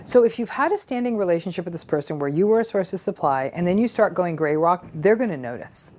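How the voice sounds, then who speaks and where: A woman with a somewhat low voice explains a psychological idea in a conversational, earnest way. She teaches as if talking straight to the viewer. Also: animated, quick pace, a little mellow. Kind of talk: educational talk to camera.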